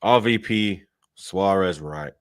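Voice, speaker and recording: A young fan channel host with a low voice speaks slowly on a casual stream, reading out chat. He tells animated, slang-filled stories, laughing and mimicking voices.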